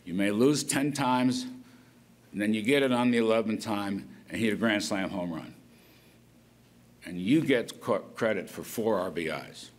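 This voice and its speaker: A man's voice: fairly low pitch, measured pace. An older man giving an off-the-cuff policy speech as a government economic official, rambling with folksy asides. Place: conference hall at an event.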